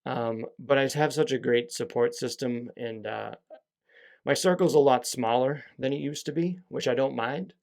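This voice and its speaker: A man's voice: mid-range voice, moderate pace, gravelly, a little mellow. A young adult man hosting a solo podcast, talking candidly and rambling with lots of fillers and swearing. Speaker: podcast host. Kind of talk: casual solo podcast monologue.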